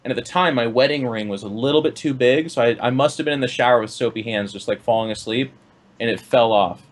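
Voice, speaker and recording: Young male podcast host, mid-pitched, storytelling chat, animated and profane. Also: quick pace. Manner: animated, swears freely, acts out quotes.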